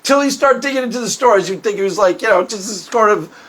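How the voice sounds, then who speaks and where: Male commentator, higher pitched, unscripted and animated, acts out quotes mid-story. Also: quick pace. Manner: conversational, many restarts. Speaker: YouTube commentator.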